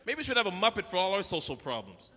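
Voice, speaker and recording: A man's voice: sits high, huge pitch swings, fast, pushed and bright, husky. A man from Canada performing a brash, profane stand-up comedy routine at a live venue. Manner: brash, profane, acts out voices. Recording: echoey hall with faint noise.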